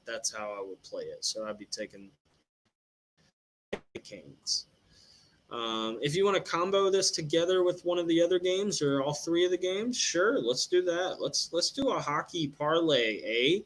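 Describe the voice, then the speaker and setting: A young man hosts a casual sports podcast from home, talking at a middling pitch and thinking aloud through betting picks. He rambles with plenty of ums and restarts. A faint hiss of room noise sits under his voice. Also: low-quality recording. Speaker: podcast host.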